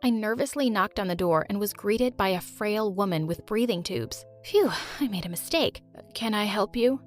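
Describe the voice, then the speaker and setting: A young woman tells a first-person story in a mid-range voice, animated and full of sarcastic asides. Faint music plays softly underneath. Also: mid-range voice, moderate pace.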